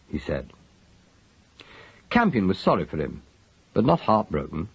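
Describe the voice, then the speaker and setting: A man narrating a mystery story in an expressive, measured way, with a husky voice, on a dull lo-fi recording. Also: fairly low pitch, no room sound. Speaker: audiobook narrator.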